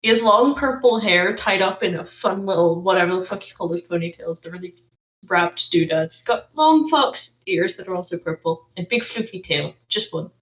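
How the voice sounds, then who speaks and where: A woman's voice: lowish voice, expressive, moderate pace, a bit bright. A woman playing a tabletop role-playing game who swears a lot and talks playfully in character. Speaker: player. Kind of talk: casual tabletop role-play. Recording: echoey, dull lo-fi room audio.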